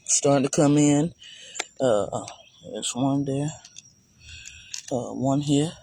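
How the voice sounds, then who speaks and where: A man's voice: medium pitch, takes it slowly, gravelly, mellow, a little hiss or hum. A man giving a casual, chatty walk-through of his garden for viewers, talking loosely and calling them y'all. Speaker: gardening vlogger. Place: outdoor garden.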